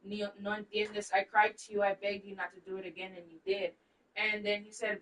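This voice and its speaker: A woman's voice: mid-range voice, flat delivery, a little fast, fairly bright tone, far from the mic, low-quality recording. Young woman chatting off-mic, swearing freely. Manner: profane, drops in Spanish words. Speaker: livestream host. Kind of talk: casual chat, storytelling. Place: at home, apartment.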